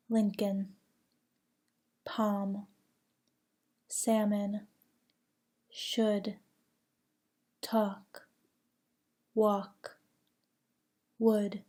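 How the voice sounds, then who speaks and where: A woman accent coach with an American accent, reading a word list one word at a time with careful, deliberate enunciation. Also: medium pitch, dark tone. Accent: General American. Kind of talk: slow word-list pronunciation drill.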